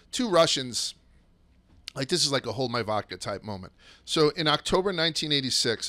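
A man hosting a podcast, telling stories in a casual, profane, excitable way that sometimes rushes and stumbles over his words. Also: on the high side. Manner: rushes and restarts when excited. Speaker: podcast host. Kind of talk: casual storytelling chat.

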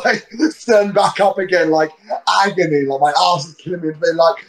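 A man's voice: fairly high pitch, fairly quick, rough recording. A man in his thirties with a London accent, a guest telling blunt, slangy, swear-laden stories in a casual interview. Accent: London English. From England. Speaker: guest wrestler.

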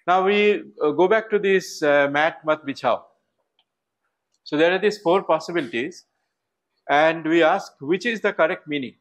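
A man's voice: fairly high pitch, normal speed, rough recording. A man giving a university lecture, thinking aloud with fillers and restarts. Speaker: professor.

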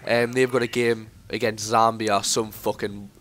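A man's voice: on the low side, little pitch movement, unhurried, a bit bright. A teenage boy, giving casual game commentary that rambles into sweary rants. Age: teens. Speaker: gameplay commentator.

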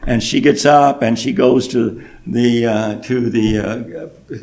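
Gravelly preacher. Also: male voice, mid-range voice, measured pace, darkish tone. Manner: emotional, swells up when telling the story. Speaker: pastor. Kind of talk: storytelling sermon. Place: church sanctuary.

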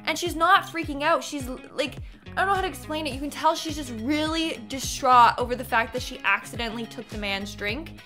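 A young woman with a high, bright voice talks through clips in a casual, chatty reaction video. She is expressive and easily moved as she comments. Soft music sits faintly behind her. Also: brisk.

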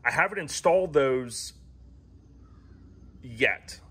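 A man's voice: mid-range voice, slow pace, breathy edge. A man hosting a casual, rambling walkaround of his classic car, giving owners tips. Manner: relaxed and rambling, many ums and restarts.

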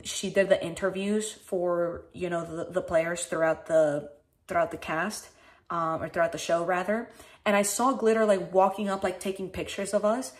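A woman streamer telling a story in a casual, animated way, swearing often and acting out how she reacted back then. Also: lowish voice. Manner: animated, swears often, acts out her own past reactions.

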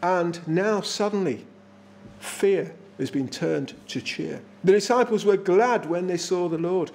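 A man's voice: high-pitched, unhurried, gravelly, darkish tone. A man with an English accent preaching a sermon in a small church, earnest and emphatic, repeating his phrases for effect.

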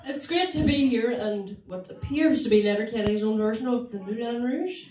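A young woman doing stand-up in a small club, animated, laughing at her own jokes and whooping. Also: a little high, normal speed. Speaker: stand-up comedian. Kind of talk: stand-up comedy set. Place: small comedy club room. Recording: echoey room, mic from far off.

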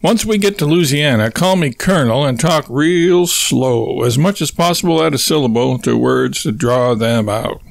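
A man's voice: medium pitch, animated, moderate pace, vocal fry, hardly any pauses, dry recording. Man voicing pompous long-winded husband. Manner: long-winded, lecturing, florid wording. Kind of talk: audiobook reading.

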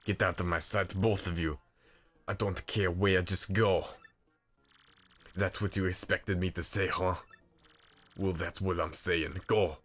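A man's voice: low voice, steady tone, a little slow, long pauses, a bit bright, soft background music. A man voicing a stern mafia boss who is a large island creature, growling out game dialogue in a tough-guy manner.

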